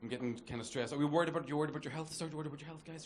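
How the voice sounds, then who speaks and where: A man's voice: a little high, fairly even intonation, very fast, slight background noise. A young Northern Irish man doing a crude, self-mocking stand-up comedy set and bantering with the audience. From Northern Ireland. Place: comedy club stage, laughing audience. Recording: live club recording with loud crowd. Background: audience laughter.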